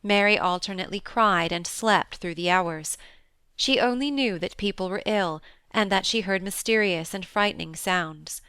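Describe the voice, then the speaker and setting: Smooth-voiced woman narrating a classic novel. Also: medium pitch, no room sound. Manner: measured, even storytelling. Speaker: audiobook narrator. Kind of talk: scripted narration.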